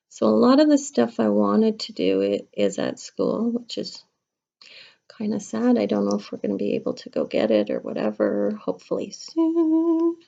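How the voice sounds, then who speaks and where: A middle-aged kindergarten teacher chatting playfully to young children during a craft lesson at home. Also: female voice, medium pitch, gravelly, darkish tone. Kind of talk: casual craft lesson to camera. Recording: dull lo-fi home video.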